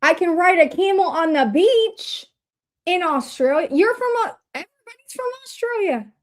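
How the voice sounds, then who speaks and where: Bubbly high-voiced woman chatting to viewers. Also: normal speed. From Indiana, USA. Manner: bubbly, excitable, talks to chat. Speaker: livestream host. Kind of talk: casual livestream chat.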